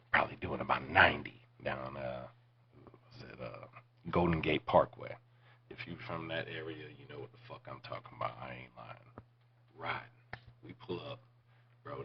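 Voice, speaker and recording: Very deep gravelly man telling stories. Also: dull audio, a little hiss or hum. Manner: profane, laid-back, drops to near-whispers. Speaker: podcast host. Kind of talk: casual storytelling.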